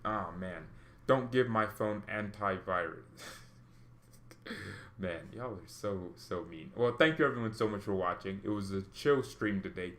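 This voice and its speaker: A man hosting a football livestream, chatting casually and rambling with excited exclamations, coughing now and then. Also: on the low side, measured pace, slight background noise. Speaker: football channel host.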